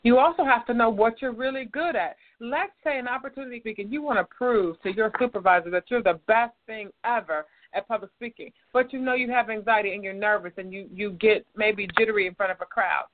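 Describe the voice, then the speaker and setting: A woman's voice: fairly high pitch, brisk, hardly any pauses, no room sound. Woman guest, advice talk, acts out examples, thin phone-like audio, dry. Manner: illustrates points with acted-out examples of what to say. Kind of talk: conversational self-help advice. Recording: dry, tinny phone-like sound.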